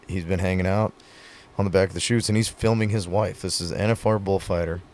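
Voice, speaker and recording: A man's voice: sits low, fairly even intonation, a little fast, a little mellow, a little hiss or hum. A man, a retiring pro rodeo athlete, talking earnestly in a casual podcast conversation, telling stories with many fillers.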